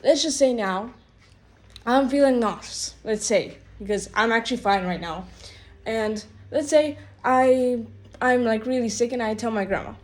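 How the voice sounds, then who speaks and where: A woman's voice: on the high side, unhurried. A woman telling a rambling, exasperated storytime rant, full of "like" and "bro" fillers. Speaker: vlogger.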